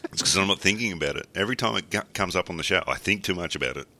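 This is an Australian man with a very low voice and a bright, forceful edge to it. He chats as a podcast guest, joking around and laughing often. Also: racing, no echo. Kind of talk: casual joking chat.

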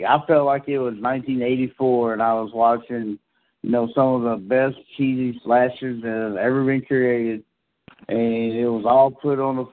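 A man co-hosting a horror podcast, talking casually with halting enthusiasm. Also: mid-range voice, phone-quality sound. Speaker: podcast co-host. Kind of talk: casual horror movie chat.

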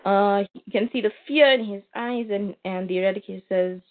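A woman's voice: medium pitch, brisk. A woman reviewing comics in a casual recap, retelling the plot with fillers and asides. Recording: tinny phone-like line.

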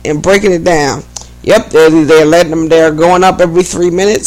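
A man from the Philadelphia–New Jersey area co-hosting a podcast, telling animated stories in casual chat and laughing often. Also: on the high side, moderate pace, low-quality recording. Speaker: podcast co-host.

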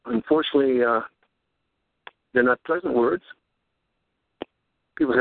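A man's voice: a little slow, creaky. Fervent man preaching on tinny radio. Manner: fervent, repetitive, rising to high pitch on rhetorical questions. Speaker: radio host. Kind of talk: rambling preaching monologue. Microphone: handheld recorder. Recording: tinny phone-like radio audio.

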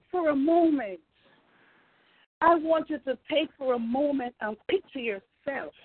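This woman pastor's voice sits high, with a little hiss or hum behind it. She preaches fervently over a tinny phone line, repeating phrases and calling out praises.

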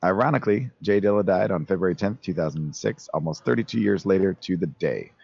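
A man co-hosting a casual podcast, his voice hoarse from being sick, reading notes and laughing often. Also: sits low, expressive, fast, a little mellow, lo-fi sound. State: hoarse from illness. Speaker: podcast co-host. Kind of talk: casual chat.

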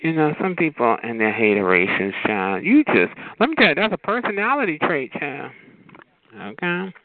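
A woman's voice: deep voice, sing-song, moderate pace. A woman calling into a community call, talking in a sassy, drawling, slangy way with repeated asides. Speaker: caller performing on a community call. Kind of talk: sassy spoken monologue between sung bits. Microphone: phone. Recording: tinny phone line with faint noise.

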